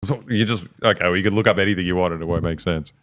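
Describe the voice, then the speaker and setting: Young male streamer, low-pitched, talks quick, rambling and profane, casual chat. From Serbia. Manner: fast, rambling, swearing, animated anecdotes.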